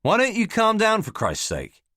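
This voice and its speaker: A man performs a cool, blunt young Brit in a heavily acted, placating voice pitched above his own. It's high and sharp with huge pitch swings at normal speed, captured as a dry, studio-quality recording.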